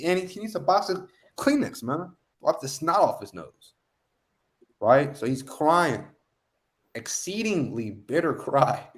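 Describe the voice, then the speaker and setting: Emphatic man teaching scripture on the street. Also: on the high side. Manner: emphatic, slangy, repeats catchphrases.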